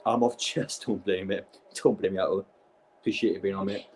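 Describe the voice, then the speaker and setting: A man's voice: low voice, fairly even intonation, slight background noise. A young man, giving exasperated, sweary live reaction commentary as a football fan streaming a match. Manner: exasperated, sweary, fast-shifting rants.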